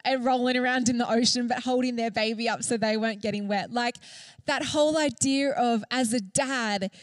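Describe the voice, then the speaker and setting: Una mujer joven predica con entusiasmo y franqueza, con muchas muletillas y frases sueltas. Su voz es algo aguda y seca, sin eco de sala. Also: female voice, on the high side, steady tone, moderate pace, no echo. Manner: earnest and enthusiastic, many fillers. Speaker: church speaker. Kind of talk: sermon.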